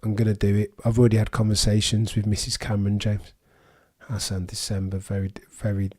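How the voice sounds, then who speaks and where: A man's voice: fairly low pitch, monotone, brisk, darkish tone, husky. A young man with a Birmingham accent chatting casually with viewers on a live race watchalong, reading out comments and making dry quips. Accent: Birmingham English. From England. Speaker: livestream host.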